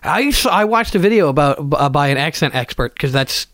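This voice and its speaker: A man's voice: fairly high pitch, animated, fairly quick, fairly bright tone, no echo. A man co-hosting a casual comedy podcast, playful and argumentative, swearing freely. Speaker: podcast co-host.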